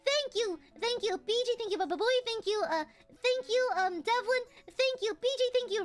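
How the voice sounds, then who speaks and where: A young woman streaming, chatting casually with her chat, swearing freely and squealing when excited. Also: very high voice, brisk, hardly any pauses, soft background music.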